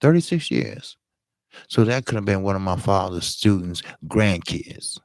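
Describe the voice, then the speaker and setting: A middle-aged man with a very low, gravelly voice spins a profane street tale in a loose, animated way. He jumps into a high pitch to play his younger self, then sinks back down. The sound is close and dry. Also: a little slow, no echo. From Chicago, south side. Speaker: boxing channel host. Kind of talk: casual storytelling monologue.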